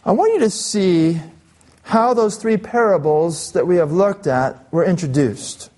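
A male pastor preaching an expository sermon, reading scripture aloud and slowing down to stress key phrases. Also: high-pitched, lively intonation, darkish tone.

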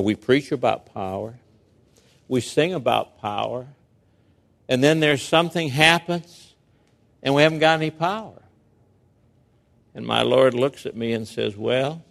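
Slow, emphatic male preacher. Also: medium pitch, creaky. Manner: emphatic and rhetorical, dramatic verse reading. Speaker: pastor. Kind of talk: expository sermon.

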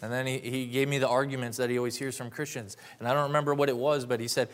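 A man's voice: medium pitch, level tone, quick pace, hardly any pauses. A man in his late twenties giving a personal testimony and sermon, earnest and heartfelt, rising to fervent emphasis. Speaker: preacher.

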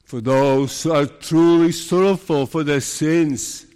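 A man delivers a sermon at an unhurried, deliberate pace, with earnest emphasis. He sometimes slips into the anxious voice of a doubting believer. His voice rings with the long reverb of a large hall. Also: fairly high pitch, steady tone, dark tone, clean tone. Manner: slow, earnest, acts out worried believers' voices. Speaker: preacher.

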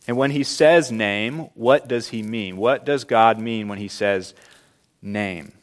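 A man preaching a sermon as pastor, earnest and emphatic, slowing down to stress key words. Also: mid-range voice, fairly bright tone.

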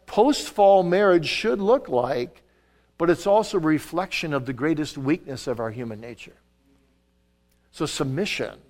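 An older man preaching a sermon in a church, pressing some words hard and dropping others to a hush. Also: on the high side. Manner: emphatic, swings between loud stresses and soft asides. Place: church sanctuary.

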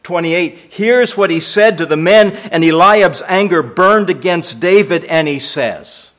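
Man, pastor, sermon, emphatic, repeats himself, rhetorical questions, slightly high voice. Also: unhurried, a bit bright.

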